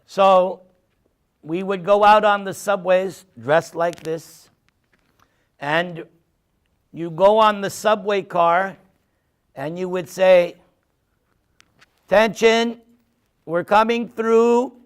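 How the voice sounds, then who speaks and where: A man's voice: high voice, slow, long pauses, smooth. A man telling humorous stories to an audience and taking their questions in a casual talk. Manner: humorous, animated storytelling. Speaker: speaker answering questions.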